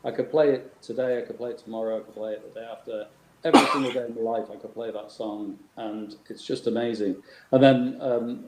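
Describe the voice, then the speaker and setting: A man speaks enthusiastically but with plenty of ums, his mid-pitched voice carrying a roomy echo. He sounds like he's on a live call from home. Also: a little mellow. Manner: enthusiastic, hesitant with fillers. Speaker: patron guest.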